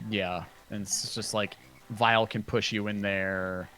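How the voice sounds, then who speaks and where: A man casually commentating a speedrun race, chatty and quick, with plenty of fillers. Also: on the low side, level tone, bright, forceful tone.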